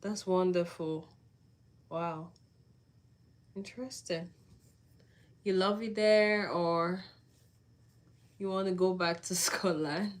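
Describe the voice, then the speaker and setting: A woman's voice: fairly low pitch, steady tone, takes it slowly, pauses often. A woman hosting a casual livestream, chatting with viewers and answering their comments, laughing often. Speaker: livestream host.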